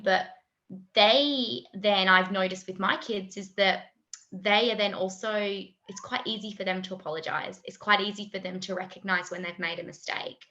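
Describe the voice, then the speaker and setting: A woman's voice: medium pitch, bright, forceful tone, lo-fi sound. A woman guest on a podcast, explaining her views in an earnest, thoughtful way. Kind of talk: casual conversational interview.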